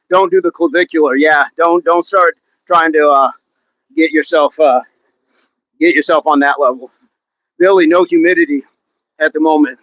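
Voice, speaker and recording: A man's voice: fairly high pitch, a bit bright, no room sound, highs cut off. A man hosting a live workout stream outdoors, counting reps aloud and joking with the chat. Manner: jokey, laughs often, counts reps aloud. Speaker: fitness livestream host.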